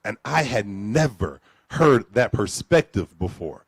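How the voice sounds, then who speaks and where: A man telling a story live on stage at a storytelling event, profane and animated, acting out both sides of a conversation. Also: fairly low pitch, unhurried, breathy edge. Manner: animated, profane, acts out dialogue.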